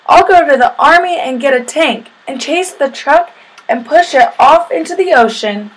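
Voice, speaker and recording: A woman voicing a bossy young boy who bullies others on the playground, yelling slow, drawn-out demands. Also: high-pitched, animated, pitched above the performer's own voice, poor audio.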